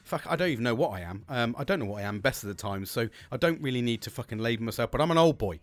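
A man's voice: medium pitch, expressive, very fast, no echo. A British man hosting a solo podcast, rambling and upbeat, swearing freely between fillers and restarts. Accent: British English. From Britain. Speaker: podcast host. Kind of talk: casual solo podcast chat.

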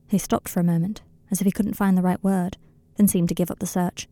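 A woman narrating a fan story as an audiobook, in a calm, steady way. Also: on the low side, brisk, few pauses, no echo.

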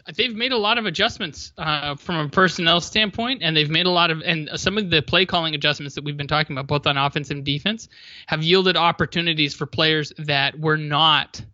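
A man co-hosts a sports podcast, talking through plays in a measured, analytical way. His voice is very bright and sharp, a bit higher than most men's. The recording sounds dull and lo-fi, with a dry, close sound. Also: steady tone, no room sound. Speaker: podcast co-host. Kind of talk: casual sports chat.

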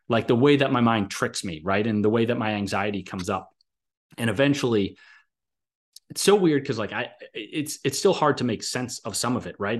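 A man speaks in an ordinary mid-range voice, talking casually on a podcast. He rambles through a personal story, full of fillers and restarts. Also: medium pitch.

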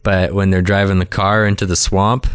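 A man's voice: low voice, level tone, moderate pace, clear, resonant tone. A man co-hosting a casual chat, laid-back and throwing in dry asides. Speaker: podcast co-host.

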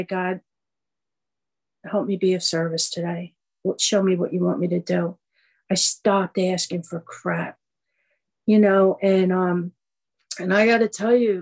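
Middle-aged woman telling her story at a recovery meeting, rambly, lots of um and like, average pitch. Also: darkish tone, poor audio. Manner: conversational, rambling, many fillers and restarts. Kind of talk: personal testimony storytelling.

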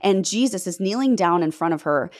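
This is a young woman sharing a personal faith testimony, speaking straight to her audience. She tells it dramatically and with intensity, her voice leaping high whenever she hits a key point, then dropping low and quiet. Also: expressive, brisk. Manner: intense, dramatic storytelling with sudden pitch leaps when emphatic. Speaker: faith vlogger telling a personal story.

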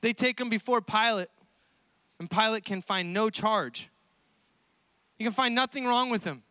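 A man with a high, light voice preaches to his congregation and tells the story with animated energy, breaking into frequent laughter as he goes. The sound is dry and close, with almost no room echo. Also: moderate pace, clean tone. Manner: animated storytelling, laughs often between lines. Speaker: pastor. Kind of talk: sermon.

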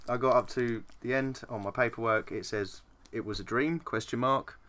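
A man's voice: mid-range voice, normal speed, a bit bright. A man co-hosting a casual podcast, joking, swearing and laughing often. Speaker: podcast co-host. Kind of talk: casual chat.

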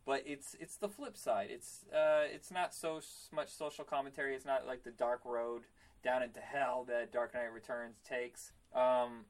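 A man co-hosting a podcast, talking in a relaxed way with fillers and easy laughs. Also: medium pitch, normal speed, poor audio. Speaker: podcast co-host. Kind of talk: casual chat.

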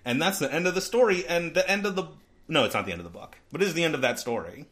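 A man's voice: a little high, lively intonation, racing, a bit bright. Guy chatting on a podcast, lots of likes and ums, laughing as he retells stuff. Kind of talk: casual book discussion.

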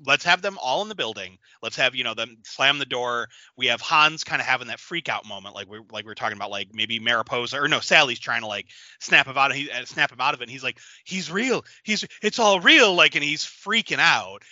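A man in casual brainstorming chat, animated and quick to jump into character voices. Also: no room sound, dull audio. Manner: animated, jumps into high-pitched character voices. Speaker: co-writer planning a horror story.

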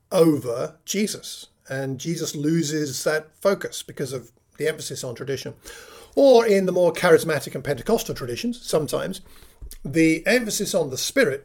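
A man preaching a sermon, teaching from scripture with measured emphasis and many rhetorical questions. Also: on the high side. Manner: measured, slows to stress key phrases, rhetorical questions.

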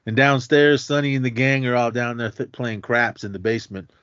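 A man's voice: medium pitch, level tone, a little fast, fairly bright tone. A man co-hosting a podcast, recapping a movie scene in casual chat, laughing often and acting out the lines. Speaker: podcast co-host. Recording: dull lo-fi dry audio.

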